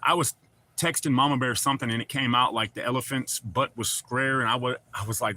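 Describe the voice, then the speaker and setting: A man's voice: medium pitch, a little fast, pushed and bright. A middle-aged man with a Southern accent chats loosely on a livestream, rambling and reading out viewer comments with casual swearing. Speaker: livestream host.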